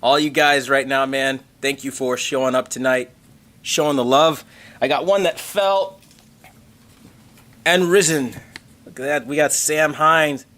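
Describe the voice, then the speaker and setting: A man hosting a tech livestream in casual chat, excitable and rambling, swearing casually and thanking members. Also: mid-range voice, a little slow, pauses often. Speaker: tech channel host reading member messages on a livestream.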